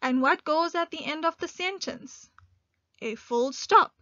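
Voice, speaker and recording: A woman teaching an online grade one English lesson, speaking slowly and clearly and stressing key words. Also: sits high, bright, forceful tone, dry recording. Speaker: primary school teacher. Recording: dull lo-fi dry recording.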